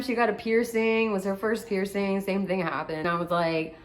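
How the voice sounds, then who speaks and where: A woman's voice: medium pitch, normal speed, hardly any pauses. A young woman, a tattoo artist, telling stories in a casual vlog and acting out the voices of the people in them. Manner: animated storyteller, reenacts voices.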